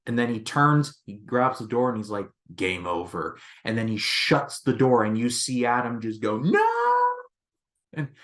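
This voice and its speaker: A man's voice: medium pitch, a bit bright. A man hosting a movie review channel, talking casually and rambling, often restarting and leaning on filler words. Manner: rambling, leans on "basically" and restarts.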